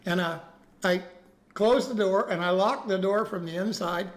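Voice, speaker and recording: Telling his chat a story at normal speed, a man with a high voice keeps it casual and rambling. Restarts pile up, and he checks in with "okay?" again and again.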